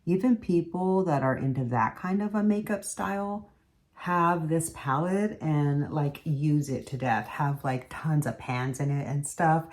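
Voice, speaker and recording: A woman's voice: low-pitched, a little mellow. A woman beauty vlogger chatting casually as she does her makeup in a tutorial. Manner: chatty, talks while doing makeup.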